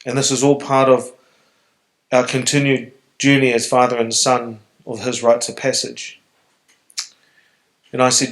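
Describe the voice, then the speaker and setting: On stage in front of an audience, a middle-aged man with a New Zealand accent answers Q&A questions in a level, mid-range voice, unhurried and pausing often. His manner is reflective, earnest, and emotionally open, captured in a low-quality recording.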